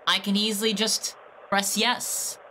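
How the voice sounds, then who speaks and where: A woman streamer mockingly taunting a scammer on a call, shifting between high teasing and low menacing tones. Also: level tone, a little slow, bright, forceful tone, slight background noise. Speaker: scam baiter streamer.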